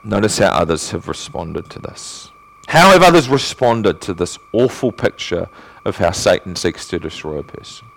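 Lowish-voiced man preaching with rising emphasis. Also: sing-song, moderate pace, vocal fry, fairly bright tone, low-quality recording. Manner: rhetorical questions, repeats key phrases for emphasis; rises in pitch and volume when stressing points. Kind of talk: expository sermon.

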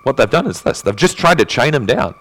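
A man preaching an expository sermon, asking rhetorical questions and repeating key phrases, climbing in pitch and force on his main points. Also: sing-song, fairly bright tone, low-quality recording. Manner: rises in pitch and volume when stressing points; reads scripture aloud in measured tone.

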